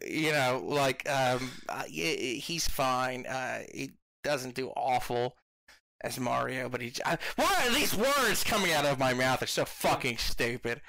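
A man's voice: medium pitch, measured pace, gravelly, sharp tone. A man co-hosting a casual movie podcast, rambling and profane, with stammered restarts and self-mocking asides. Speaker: podcast co-host. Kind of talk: casual movie review chat.

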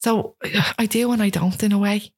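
A woman's voice: mid-range voice, normal speed. Chatty woman around thirty. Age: about 30. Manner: animated, acts out quoted voices. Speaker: guest. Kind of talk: casual chat.

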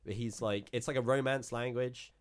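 A man co-hosting a podcast, chatting casually in a rambling, animated way full of fillers. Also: medium pitch, normal speed. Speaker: podcast co-host. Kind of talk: casual chat.

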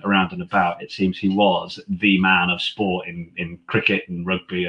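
Muffled audio carries a man's low, bright, forceful voice as he swaps stories the way a rugby commentator would. His delivery rambles with fillers and restarts, and he performs any quoted lines.

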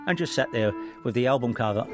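A man's voice: mid-range voice, expressive, fast, over music. A man hosting a chatty show, rambling and playful, with many restarts, reading out listener letters. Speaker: podcast host.

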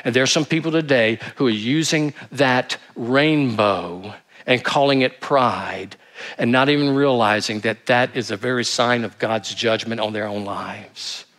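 A man's voice: medium pitch, fairly bright tone. A male pastor preaching a sermon, emphatic, asking rhetorical questions and reading scripture aloud.

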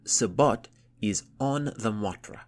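A man voicing an excitable, playful young girl who eagerly teaches words to a friend. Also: on the low side, takes it slowly, voice pushed up. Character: lively excitable young English girl sailor.

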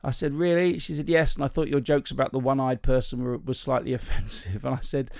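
A man tells comic stories from his stand-up life, stopping and restarting with ums as he goes. His voice has a gravelly fry to it. The sound is dry and close, with no room in it. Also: medium pitch, fairly even intonation, no room sound. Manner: chatty anecdotal storyteller, self-mocking, halting with ums. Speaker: comedian and podcast host. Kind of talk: casual storytelling chat.

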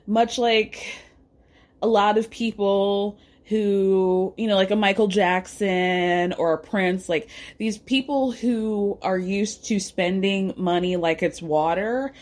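A woman's voice: medium pitch, darkish tone. A woman hosts a podcast in a loose, gossipy chat about pop culture. She talks freely with plenty of fillers and side notes, and her voice leaps upward whenever she stresses a point. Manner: chatty and gossipy, with frequent fillers and asides. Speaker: podcast host.

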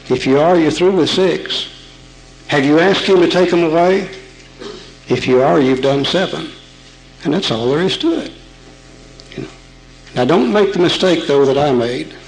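A man's voice: on the high side, rough recording. A man speaking at a recovery seminar in a folksy, plain-spoken teaching manner, asking his audience rhetorical questions. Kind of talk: recorded seminar talk.

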